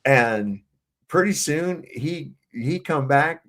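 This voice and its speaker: A man's voice: on the high side, expressive, slow, fairly bright tone. A man in a casual panel chat, telling army stories in a rambling, profane way with frequent restarts.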